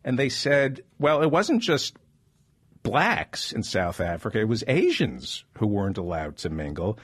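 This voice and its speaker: A man hosting a comedy podcast, telling jokes and stories in animated banter. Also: lowish voice, slightly rough. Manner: animated joke-telling, quick asides. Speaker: host.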